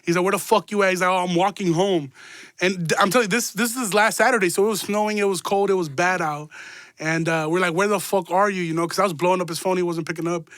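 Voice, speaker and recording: A young man with a high, bright voice talks at a quick clip, ribbing his friend with crude jokes as he tells the story. The sound is dry and close, with no room around it. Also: steady tone, no echo. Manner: loud, profane, teasing storyteller. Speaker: podcast host. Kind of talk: casual chat.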